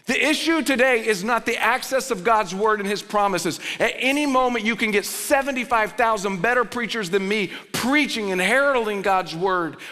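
Pastor guy preaching, bright punchy voice, kinda high, goes loud then quiet, big echoey church hall. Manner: swings between loud urgent pleading and low quiet emphasis. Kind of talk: sermon. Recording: long reverb of a large hall.

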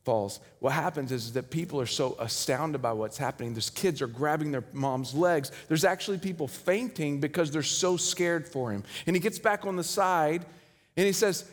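High-voiced male preacher in a reverberant hall. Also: normal speed. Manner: storytelling, dramatic swings from loud to hushed. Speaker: pastor. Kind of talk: sermon.

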